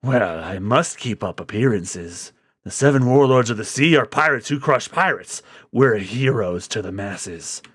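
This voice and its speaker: Man doing an arrogant pirate lord, low and hushed, drawling. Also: animated, unhurried, breathy edge, no echo, clean studio sound, full character voice. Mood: smug. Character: cool, arrogant male pirate warlord.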